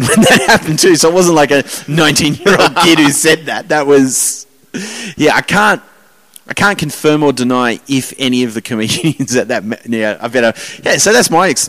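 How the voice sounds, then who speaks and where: A man's voice: medium pitch, fairly bright tone. A man telling rambling, self-mocking stories as a podcast host in casual chat.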